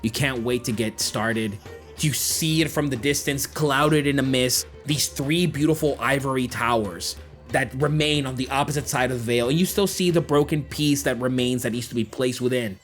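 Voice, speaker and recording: A man's voice: mid-range voice, moderate pace, soft background music. A man narrating a tabletop game as game master, describing scenes with lots of fillers.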